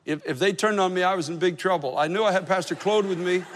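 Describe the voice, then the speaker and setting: A man's voice: high voice, fast. A man preaching a sermon as pastor, telling a story in an earnest, emphatic way. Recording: long hall reverb.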